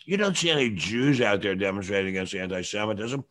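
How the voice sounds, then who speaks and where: An older man talks through a casual opinion podcast. He lectures in a long, opinionated monologue. His throat sounds bronchial, and he has to clear it now and then. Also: on the low side, animated, fast, a bit bright. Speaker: show host.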